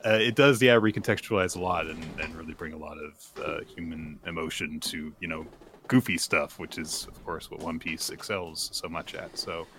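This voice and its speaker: A man co-hosting a podcast in casual chat, talking about a manga chapter in a relaxed, conversational way. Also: low-pitched, normal speed, slight background noise. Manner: relaxed and conversational, with laughs and swearing. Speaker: podcast co-host.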